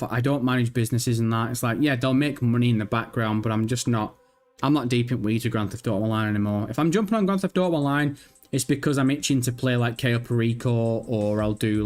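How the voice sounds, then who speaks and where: A man hosting a casual livestream, reading viewer messages aloud and rambling through his answers while swearing freely. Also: mid-range voice. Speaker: livestream host. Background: faint background music.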